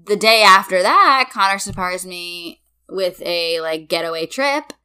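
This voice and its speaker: A woman's voice: lowish voice, a little slow, clear, resonant tone. A young woman co-hosting a casual podcast chat, telling stories with lots of "like" fillers and acting out what people said. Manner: animated storyteller, acts out quotes, many "like" fillers. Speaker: podcast co-host.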